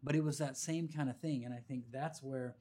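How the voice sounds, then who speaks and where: A man hosting a casual faith conversation, telling animated stories with preacherly emphasis. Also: medium pitch, fairly quick.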